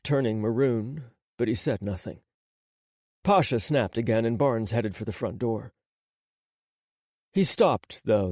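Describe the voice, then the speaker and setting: A man narrating an audiobook in a measured, dramatic scripted delivery on a close studio microphone. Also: medium pitch, a little mellow, no room sound.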